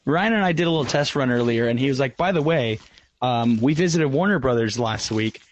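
A man's voice: mid-range voice, expressive, brisk. A man co-hosting a live podcast from a phone call, chatting casually and joking with his co-hosts. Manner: joking, easygoing banter. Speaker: podcast co-host.

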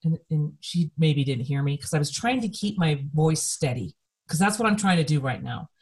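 Earnest woman co-host, steady emphatic talk. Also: low-pitched, normal speed. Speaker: podcast co-host. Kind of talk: conversational discussion.

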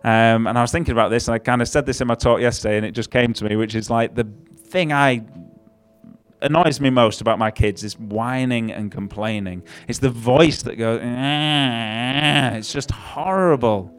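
A man's voice: medium pitch, moderate pace. A man preaching a conversational sermon with wry, self-deprecating asides.

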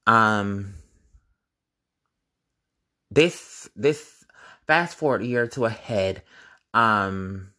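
A young man telling a personal story in a casual, animated, profane and gossipy way, vlog style. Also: on the low side.

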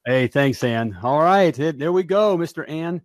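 A man's voice: fairly high pitch, expressive, a little slow, dry recording. A man hosting a podcast and wrapping up the show in a rambling, upbeat way, with lots of fillers. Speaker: podcast host. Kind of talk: casual show wrap-up.

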